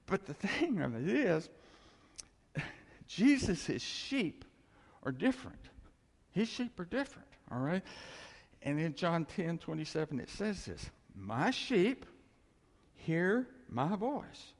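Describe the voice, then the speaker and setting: Gravelly preacher in a reverberant hall. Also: male voice, a little high, sing-song, unhurried. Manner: conversational preaching with laughs and emphatic repetition. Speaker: pastor. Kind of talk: sermon.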